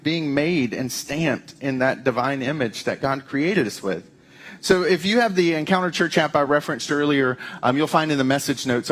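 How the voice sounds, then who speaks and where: A man preaching a sermon as pastor, in a conversational, animated way with playful asides. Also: a little high.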